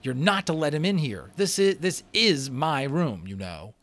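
A man's voice: a little high, sing-song, measured pace, fairly bright tone, voice pushed up, heavily acted. A man reading aloud and voicing a defensive boy who hurries to hide a secret. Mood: insistent.

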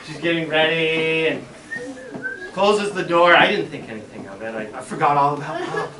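A man's voice: fairly high pitch, very animated, normal speed, over a noisy crowd. A middle-aged man, a school superintendent, telling a playful story to a class of children and acting out the voices. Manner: playful, dramatic, acts out voices. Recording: echoey room, mic far off, children around.

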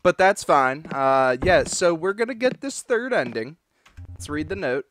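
A man doing let's play commentary, loud and joking, swearing and talking back to game characters. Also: on the high side, sing-song, a little slow, a little hiss or hum. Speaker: gaming video creator.

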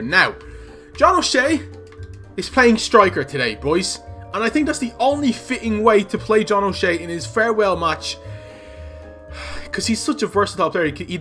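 A young man giving excited football video game commentary, shouting and laughing at goals. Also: a little high. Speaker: gaming YouTuber.

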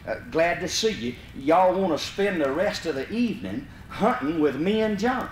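A man's voice: a little high, lively intonation, moderate pace, distant mic, natural voice. A man doing an easygoing rich old landowner. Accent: Southern US. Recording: vinyl live recording, roomy, faint hiss.

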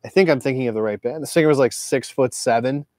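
A man's voice: medium pitch, quick pace, darkish tone, no echo, studio quality. A man in his forties who collects records, talking through his collection in a loose, digressive monologue full of swearing. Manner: profane, digressive, loose with filler words. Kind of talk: casual rambling monologue.

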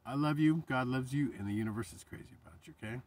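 A man talking in a casual, rambling vlog, animated and swearing freely, his voice jumping up when he quotes himself. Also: mid-range voice, quick pace, distant mic. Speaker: vlogger and painter.

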